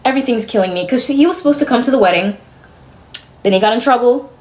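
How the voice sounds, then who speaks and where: A young adult woman streaming live, venting casually to her chat in an exasperated, profane way that swings between loud disbelief and weary muttering. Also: a little high, expressive, quick pace.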